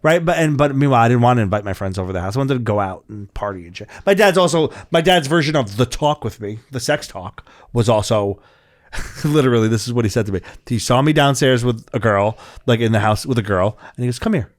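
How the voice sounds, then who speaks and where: A man's voice: mid-range voice, animated, fast talker. A young man hosting a podcast, telling a rowdy story in casual, profane chat and acting out the voices of the people in it. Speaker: podcast co-host.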